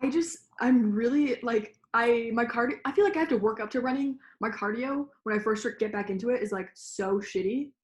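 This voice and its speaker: A woman's voice: a little high, a little fast, few pauses, reverberant. A young woman in her twenties co-hosting a casual mukbang chat, swearing freely and filling her talk with "like". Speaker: mukbang co-host. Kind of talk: casual chat while eating.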